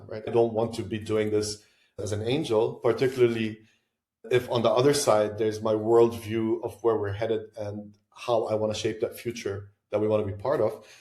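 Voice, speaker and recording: A man from Lebanon with a low, warm, mellow voice answers a podcast host's questions in a relaxed, reflective way. He thinks aloud, adds asides and restarts his sentences. The room around him is noticeably roomy and echoey. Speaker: podcast guest, venture investor. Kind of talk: conversational interview answers. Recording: roomy echo.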